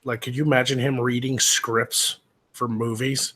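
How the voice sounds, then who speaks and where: A man's voice: mid-range voice, flat delivery, normal speed, bright, forceful tone. A man hosting a livestream, chatting loosely with viewers and laughing often. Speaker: livestream host. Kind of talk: casual livestream chat.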